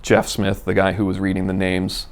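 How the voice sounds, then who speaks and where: A man telling a personal car story in a casual, animated way, acting out the dialogue. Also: low-pitched, normal speed, slight background noise. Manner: animated, acts out quoted dialogue. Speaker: guest storyteller.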